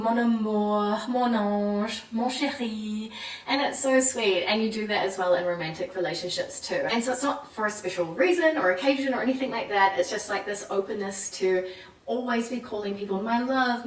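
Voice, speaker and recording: Animated New Zealand woman vlogging. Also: mid-range voice. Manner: animated, acts out quoted French voices. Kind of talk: casual chatty vlog. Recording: echoey room, mic at a distance.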